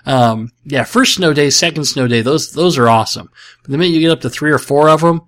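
A man's voice: on the high side, fairly quick, fairly bright tone. A man hosting a podcast, answering listener questions in a casual, joking way with sarcastic asides and self-mockery. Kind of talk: casual comedic chat.

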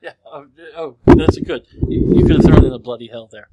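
A man's voice: fairly high pitch, fairly quick, noisy background. A man hosting a casual podcast, answering listener questions in a rambling, conversational way as he thinks aloud. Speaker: podcast host.

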